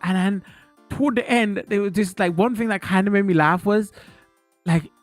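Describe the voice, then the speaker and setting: A man's voice: sits high, normal speed, no room sound, faint music behind. Man telling stories on stream. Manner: animated rambling storytelling with slang and laughter. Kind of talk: casual live-stream chat.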